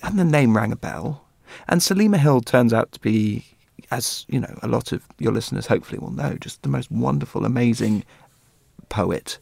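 A man's voice: mid-range voice, expressive, moderate pace, creaky, darkish tone, slightly rough, no room sound. A man chatting as a guest, telling an enthusiastic story about a book. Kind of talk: casual chat.

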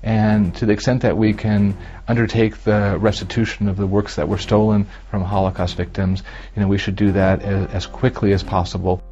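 A man's voice: fairly low pitch, little pitch movement, moderate pace, few pauses, dark tone. A man giving an earnest interview comment as an art historian, with a few restarts. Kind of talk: recorded interview clip. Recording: dull lo-fi clip.

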